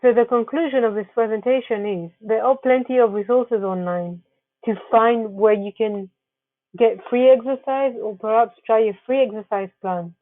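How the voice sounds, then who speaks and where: A woman's voice: on the high side, moderate pace, dry recording. Woman talking through slides, earnest advice, restarts a lot, tinny phone-ish sound. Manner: earnest, advising, with frequent restarts. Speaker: wellness presenter. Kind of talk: narrated slideshow presentation.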